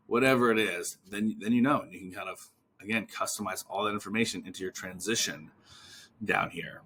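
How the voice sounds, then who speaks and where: A man's voice: on the low side, brisk, pushed and bright, a little hiss or hum. A man coaching physical therapists on sales calls, energetically acting out both sides of example conversations. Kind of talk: instructional talk with role-played call examples.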